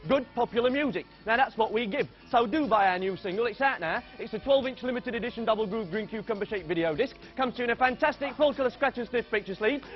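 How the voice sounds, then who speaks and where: A man's voice: high-pitched, lightly acted. A man playing Wally, a boastful, hopeless young wannabe pop star, rambling brashly in a comedy monologue. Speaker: comedy performer. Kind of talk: comic character monologue. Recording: dull 1980s TV sound.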